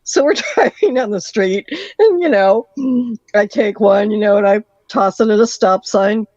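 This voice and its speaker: A caller tells a long story over the phone, lively and animated, putting on the voices of the people in it. The voice sits at a mid pitch. The sound is dull and dry, like a phone line. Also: a little slow, no room sound. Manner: lively storyteller acting out quoted lines. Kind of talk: telling a story on a call-in show. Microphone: phone call.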